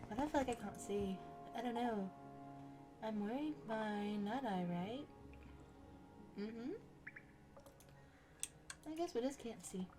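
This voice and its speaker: A woman's voice: fairly high pitch, lively intonation, takes it slowly, long pauses. A young woman chatting casually and thinking aloud as she plays a video game. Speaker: gaming channel host. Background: game music and keyboard typing.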